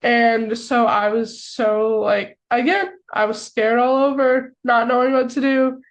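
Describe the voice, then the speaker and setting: A young American woman telling a story on a podcast, excitable and full of "like" fillers. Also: a little high, a little slow, rough recording. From United States. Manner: excitable, filler-heavy with lots of "like". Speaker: podcast co-host. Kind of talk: casual storytelling chat.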